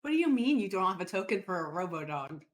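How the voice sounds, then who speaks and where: A woman's voice: on the low side, very animated, quick pace. A woman playing a tabletop game, chatting in a playful, teasing way. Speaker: player. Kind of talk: casual chat at a game table.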